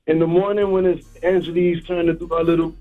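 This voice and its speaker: Guy calling in to complain, talks fast, muffled phone line. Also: on the high side, little pitch movement, faint music behind. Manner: complaining, direct. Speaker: caller. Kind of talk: call-in radio complaint.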